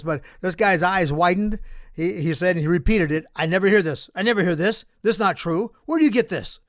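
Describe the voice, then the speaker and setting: American male pastor, emphatic sermon storyteller, high voice, dry close sound. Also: dry recording. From United States. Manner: animated, emphatic preaching.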